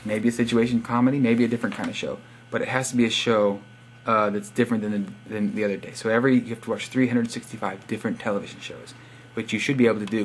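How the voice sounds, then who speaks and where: This is a young male vlogger with a fairly low voice, giving subscriber shoutouts. He reads their profiles aloud in a casual, sarcastic monologue, teasing and adding wry asides, over slight background noise.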